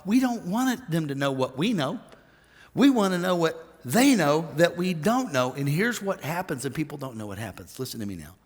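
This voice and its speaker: This pastor speaks at a normal speed in a fairly high voice, his conversational sermon echoing with a big-room sound. He narrates stories and quotes others animatedly, acting out their lines.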